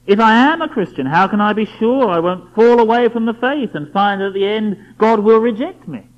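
A man's voice: high voice, moderate pace. A man preaching a sermon, emphatic and full of rhetorical questions aimed at the listener. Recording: dull lo-fi recording.

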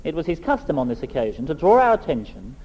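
A middle-aged man preaching a sermon, reading scripture and then speaking in a measured, emphatic, rhetorical way. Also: fairly high pitch, very animated, darkish tone, poor audio.

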